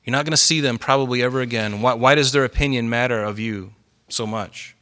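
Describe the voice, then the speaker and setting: A middle-aged man preaching a sermon in an earnest, conversational storytelling way, growing animated as he goes. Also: medium pitch, a little fast. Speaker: pastor.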